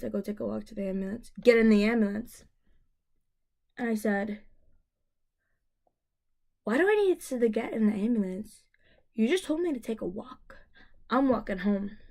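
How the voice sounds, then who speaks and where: A young woman vlogger telling a personal story to camera, emotional and rambling, with many fillers and restarts. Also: high-pitched.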